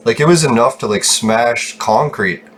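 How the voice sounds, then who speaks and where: A man's voice: medium pitch, normal speed, a bit bright, slight background noise. A young man, chatting casually while gaming, rambling, swearing freely and laughing often. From Canada. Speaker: gaming channel host.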